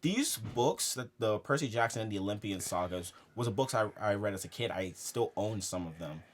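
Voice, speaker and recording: A young man co-hosting a casual film podcast, animated and laughing as he makes his points. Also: lowish voice, normal speed, a little hiss or hum. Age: young adult. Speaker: podcast co-host.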